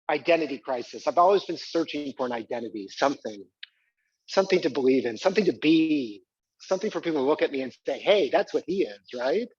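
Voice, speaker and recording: A man's voice: fairly high pitch, breathy edge, dry recording, lo-fi sound. Exuberant man performing a comic stage monologue. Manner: exuberant, squealing with delight, coaxing the audience. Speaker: solo performer. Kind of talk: live comic stage monologue with audience participation. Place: small live venue.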